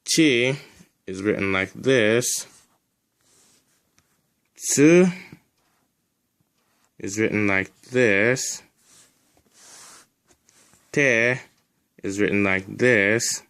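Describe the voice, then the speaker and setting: A man's voice: fairly low pitch, steady tone, slow pace, gravelly, few pauses, pushed and bright, clean tone. A man teaching a recorded language lesson, drilling sounds one at a time and adding casual asides.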